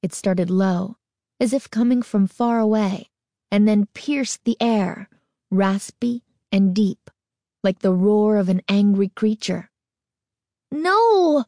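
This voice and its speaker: A woman narrating a spooky story as an audiobook, expressive and suspenseful. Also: medium pitch, slow, no echo, clean studio sound.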